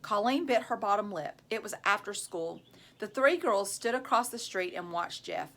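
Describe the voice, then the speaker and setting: A woman reads a children's novel aloud to a class, expressive and clear. Her pitch is moderate, and she pauses to ask her listeners questions in a teacherly way.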